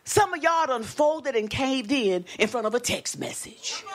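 A woman preacher delivering a sermon with lively call-and-response exclamations and a Black lilt. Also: a little high, measured pace.

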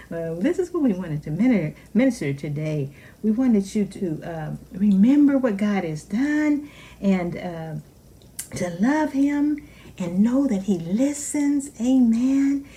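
A middle-aged woman minister preaching a sermon with fervor, swinging from loud exclamations to hushed whispers. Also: medium pitch, breathy edge.

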